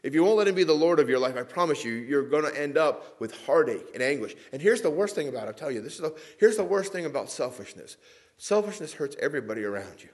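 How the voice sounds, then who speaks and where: A middle-aged man preaching a sermon as pastor, earnest and a little weepy, swinging from loud emphatic lines to soft, quiet ones. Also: on the high side, animated, fast.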